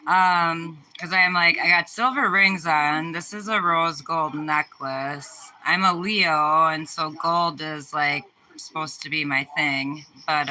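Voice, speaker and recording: A woman's voice: low-pitched, slight background noise, rough recording. A young woman from the American Midwest, casually chatting on a livestream and answering viewer questions, rambling with lots of fillers and restarts. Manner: rambling, filler-heavy, relaxed. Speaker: livestream host.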